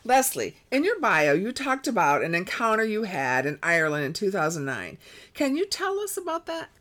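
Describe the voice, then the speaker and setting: A woman's voice: mid-range voice, big pitch swings, moderate pace, fairly bright tone. A woman hosting an interview podcast, asking her guest open questions in an encouraging way. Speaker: podcast host.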